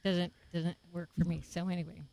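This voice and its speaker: A woman hosting a casual interview, lively and chatty, quick to laugh. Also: on the low side, gravelly, low-quality recording. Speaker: host.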